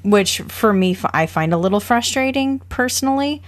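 A woman co-hosting a casual podcast about a film, talking in an animated way with quick asides and frequent laughter. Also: fairly high pitch. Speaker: podcast co-host.

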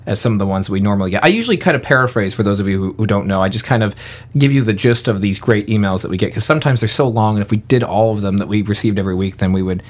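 A man's voice: on the low side, very fast. A man co-hosting a casual podcast, joking with his co-host and reading listener emails aloud. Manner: playful, teasing, reads listener emails aloud. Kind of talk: casual chat.

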